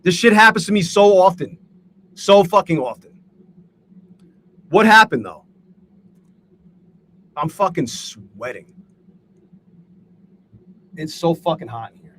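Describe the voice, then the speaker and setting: A man's voice: high voice, lively intonation, slow pace, long pauses, a bit bright, a little hiss or hum. A man hosting a live day-trading stream, talking to his chat in a profane, exasperated rant. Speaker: livestream host and day trader.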